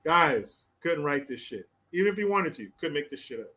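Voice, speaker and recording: A man's voice: a little high, big pitch swings, moderate pace, pushed and bright. An American man hosting a livestream. He reads chat comments aloud with crude, laughing, mocking banter. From United States. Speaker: host.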